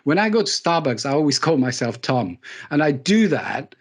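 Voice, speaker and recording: Lively, joking male leadership speaker. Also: fairly high pitch, moderate pace. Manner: lively storytelling, self-deprecating humour, repeats words for emphasis. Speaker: keynote speaker. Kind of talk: live leadership talk.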